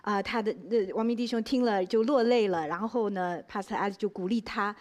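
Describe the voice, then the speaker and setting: A woman interpreting a sermon sentence by sentence in a steady, measured way. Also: medium pitch.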